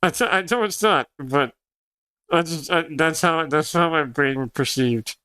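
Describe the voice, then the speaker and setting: Young guy streaming, spanish first language, clear crisp voice, dry close sound, chatty and giggly. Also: a little high, a little slow, sharp tone, dry recording. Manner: rambling, laughing often, answering chat. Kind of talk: casual livestream chat.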